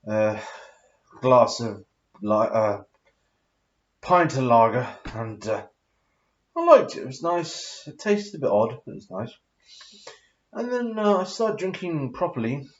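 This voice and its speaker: A man's voice: fairly low pitch, muffled recording. A tipsy man in his thirties telling a rambling, sweary story full of fillers and hesitations. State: tipsy after drinking. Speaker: vlogger.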